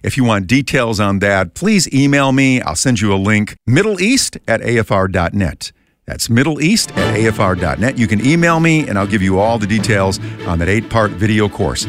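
A man wraps up a radio program, his pitch moving lively as he promotes a course and repeats an email address. Soft music plays underneath him. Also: normal speed. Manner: friendly, promotional, repeats contact details. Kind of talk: radio show outro. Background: faint music.

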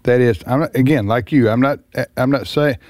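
A man's voice: mid-range voice, fairly quick, darkish tone, no echo, clean studio sound. A man co-hosting a political talk radio show, chatting casually and often chiming in with short agreements. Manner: agreeable, frequent short affirmations.

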